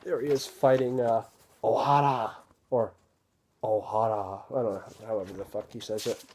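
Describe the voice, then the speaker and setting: Relaxed man rambling through an unboxing. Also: mid-range voice, fast talker, a little hiss or hum. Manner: relaxed, rambling, many fillers. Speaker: video host reviewing a disc set. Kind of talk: casual unboxing talk.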